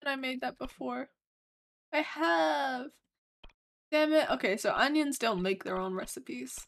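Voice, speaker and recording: Excitable swearing Australian woman streamer. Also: high-pitched, unhurried, vocal fry. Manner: excitable, swears a lot, bursts into yelps and laughs. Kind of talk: casual gameplay commentary.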